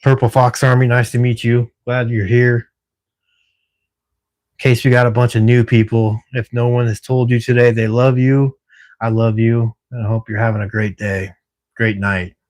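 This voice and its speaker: A man's voice: medium pitch, level tone, moderate pace, a little mellow. A middle-aged man from Washington State chatting casually with viewers on a livestream while at work at night, laughing easily and swearing now and then. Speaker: livestream host. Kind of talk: casual live-stream chat with viewers.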